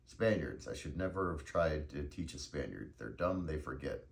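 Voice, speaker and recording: A man voicing a gruff old fencing master who berates his pupil. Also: very deep voice, expressive, normal speed, full character voice. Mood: hectoring. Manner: hectoring.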